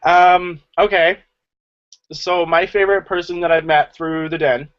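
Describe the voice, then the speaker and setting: A man's voice: high voice, steady tone, unhurried, a bit bright, clear, resonant tone. A man co-hosting a casual group video chat, jokey and chatty with lots of fillers. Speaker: channel co-host. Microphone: video call. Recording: lo-fi video call audio.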